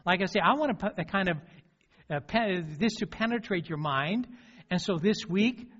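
A man's voice: high voice, lively intonation, normal speed, fairly bright tone. A male pastor giving a sermon. He tells a story with frequent restarts and fillers. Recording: dull lo-fi recording.

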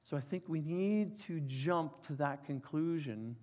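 Man in his forties, pastor preaching, slightly high voice, long church reverb, heartfelt storytelling. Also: unhurried. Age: 40s. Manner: emotional storytelling, drops to soft quiet tones. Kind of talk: sermon. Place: church hall.

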